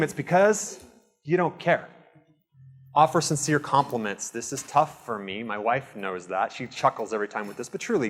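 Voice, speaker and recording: A man giving a live real estate seminar to a room, earnest and animated, acting out little dialogues. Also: mid-range voice.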